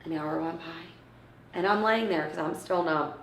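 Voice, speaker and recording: Woman, 30s, low gravelly voice, emotional personal story with acted-out quotes, roomy distant mic. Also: moderate pace, slight background noise. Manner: acts out others' words, often drops to a hushed near-whisper. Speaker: interviewee, mother of premature twins.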